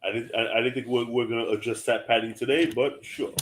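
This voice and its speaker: A man's voice: medium pitch, fairly even intonation, a little fast. A man co-hosting a casual sports talk show, laid-back, thinking aloud with ums and frequent mm-hmms. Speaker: podcast co-host.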